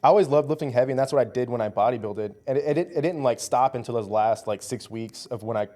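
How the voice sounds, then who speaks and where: A young man in his twenties chats as a guest on a casual talk show. He tells his story in an animated way, packed with "like" and "dude". His voice sits at an ordinary middle pitch. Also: quick pace. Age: 20s. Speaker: powerlifter guest. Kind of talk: casual conversation.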